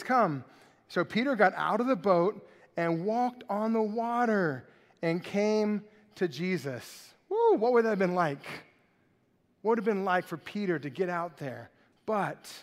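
A pastor preaching a sermon in an animated, conversational way, in a large church hall. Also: male voice, sits high, a little slow.

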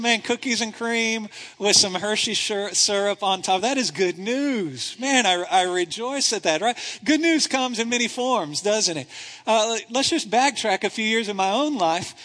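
Pastor, male, high-pitched voice, animated conversational sermon delivery, lots of "right?", in a church with long reverb. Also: normal speed. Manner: animated, conversational preaching with rhetorical questions. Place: church sanctuary. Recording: reverberant hall.

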